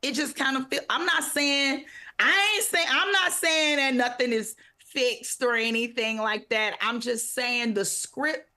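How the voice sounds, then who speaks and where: A woman co-hosts a casual sports talk show with a slightly high voice. She is lively and chatty, jumping in quickly to agree or add a line.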